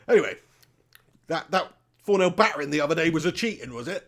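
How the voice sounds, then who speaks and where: A man's voice: fairly high pitch, animated, fast, fairly bright tone. Brief: man, live football stream host, casual jokey banter and running commentary. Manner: jokey banter, laughs often, reads chat aloud.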